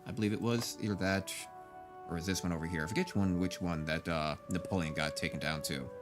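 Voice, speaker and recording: A man's voice: low voice, fairly even intonation, fast. A man giving casual, joking gameplay commentary with mock-grandiose outbursts and frequent laughter. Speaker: gaming YouTuber. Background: game music.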